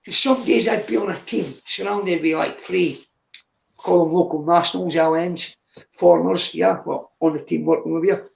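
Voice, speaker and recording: A man's voice: high-pitched, fairly even intonation, moderate pace. A man in his fifties talking bluntly in a casual chat, swearing often and saying "mate" at every turn. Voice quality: gravelly. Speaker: guest on a live stream. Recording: echoey room.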